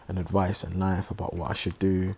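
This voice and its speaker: A man with a low, gravelly voice recounts a personal story in a subdued, emotional tone. He talks haltingly, pausing and restarting often. A faint background noise sits under his voice. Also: flat delivery, warm tone. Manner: halting, reflective, many pauses and restarts. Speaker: online religious presenter.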